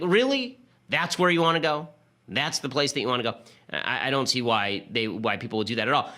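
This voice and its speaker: A man hosting a political commentary show, talking in a rapid, sarcastic, argumentative way. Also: mid-range voice, sharp tone. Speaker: host.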